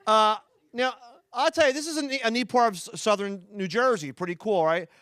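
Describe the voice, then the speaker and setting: This Philly-accented comic talks fast before a live crowd, restarting thoughts and tossing out asides as he rambles. The voice is high and sharp, with no echo.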